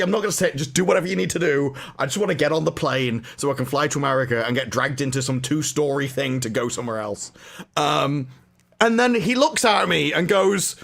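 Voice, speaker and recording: A man telling an exasperated, ranting story in casual chat and mimicking officials in a lowered voice. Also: gravelly, a bit bright. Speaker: panelist on a film talk show.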